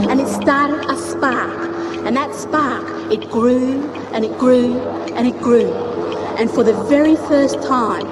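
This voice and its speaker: Expressive high-voiced woman storyteller. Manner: expressive, rhythmic, repeating phrases. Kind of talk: oral storytelling. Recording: echoey hall with music behind.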